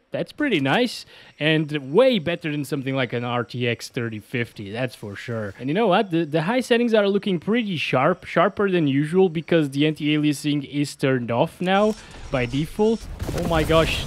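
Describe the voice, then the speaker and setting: A man giving excitable gameplay commentary, laughing and yelping as he plays. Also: fairly high pitch, a little hiss or hum. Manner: excitable, yelps and laughs at in-game moments. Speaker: gaming YouTuber. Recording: faint game gunfire behind. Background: game gunfire and explosions.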